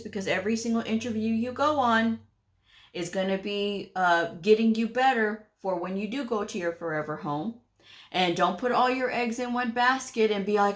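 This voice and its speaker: A woman hosting a career advice channel, speaking bluntly and folksy to viewers in a scolding, direct-to-camera way. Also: mid-range voice. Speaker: medical coding channel host.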